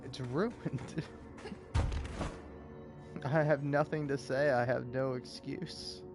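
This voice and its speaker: A man's voice: mid-range voice, fairly even intonation, drawn-out words, over music. Exasperated, stammering young gamer man. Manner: exasperated, stammering, self-mocking. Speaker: gaming channel host. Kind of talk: casual profane gameplay commentary.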